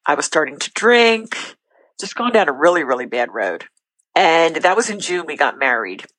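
A middle-aged woman, a podcast guest, telling her personal faith story in an earnest, candid way with quick bursts and restarts. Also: deep voice, sing-song, a bit bright, dry recording, poor audio.

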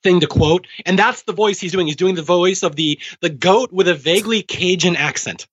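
Bright-voiced man chatting on a podcast. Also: sits high, moderate pace, slightly rough. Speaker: podcast co-host. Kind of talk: casual chat. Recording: dull lo-fi sound.

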